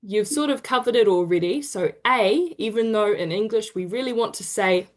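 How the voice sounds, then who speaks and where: New woman, online workshop presenter, warm praise, slow drawn-out demo sounds, video-call audio. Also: medium pitch. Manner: encouraging, drawn-out demonstration sounds. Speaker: te reo Māori workshop presenter. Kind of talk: online teaching session.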